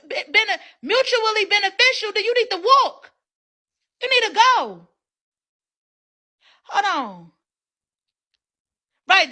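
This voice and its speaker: High, bright-voiced woman streamer, blunt. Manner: blunt, animated, talks straight to viewers. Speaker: live-stream host. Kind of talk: reaction live stream commentary.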